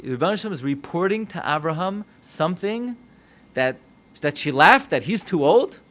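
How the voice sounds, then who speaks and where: An American man, a rabbi, preaching a sermon with animated delivery, acting out voices in dialogue. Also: fairly high pitch, normal speed. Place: synagogue.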